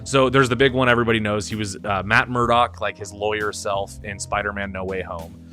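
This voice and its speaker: A man hosting a live stream, talking in a casual, animated way. He laughs often and repeats and restarts his words. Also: lowish voice, fairly quick, faint music behind.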